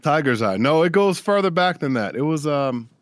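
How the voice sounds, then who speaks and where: A middle-aged man, a guest voice actor, telling stories in a relaxed interview and acting out the lines he quotes. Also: fairly high pitch, moderate pace, dry recording, studio quality. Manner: animated storyteller who acts out quotes. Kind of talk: casual interview chat.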